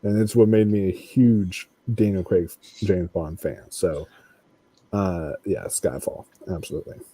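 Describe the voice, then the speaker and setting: A man in a casual movie discussion, animated and quoting his own reactions. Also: low voice, a little slow, slightly rough. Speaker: podcast panelist.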